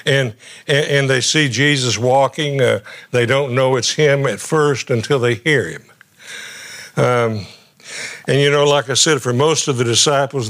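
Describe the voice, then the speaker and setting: A man's voice: mid-range voice, a bit bright. A middle-aged male guest pastor preaching a sermon in a conversational way, often stumbling and repeating his words as he goes.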